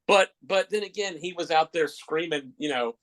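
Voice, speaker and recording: A man co-hosting a radio chat, giving measured, thoughtful opinions. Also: fairly high pitch, a bit bright, low-quality recording. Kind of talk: casual chat.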